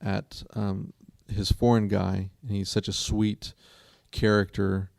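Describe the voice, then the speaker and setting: A man's voice: lowish voice, level tone, slow, vocal fry, a little mellow, no echo, studio quality. A man co-hosting a casual talk show who tells stories in an earnest, rambling way. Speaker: co-host. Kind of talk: casual chat.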